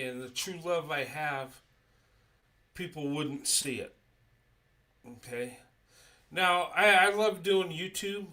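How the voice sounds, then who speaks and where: Middle-aged man, slightly high voice, slow, sincere live-stream host. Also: bright, forceful tone, recorded from a distance. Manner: earnest, repeats "okay?" often, halting restarts. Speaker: YouTube channel host. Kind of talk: livestream monologue.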